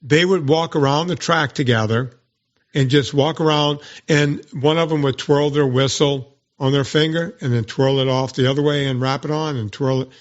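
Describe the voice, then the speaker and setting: A man's voice: a little high, normal speed, dull audio. A man hosting a podcast, telling stories in casual chat and acting out what other people said in mock voices. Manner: animated storytelling with mock quoted voices. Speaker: podcast host and trainer.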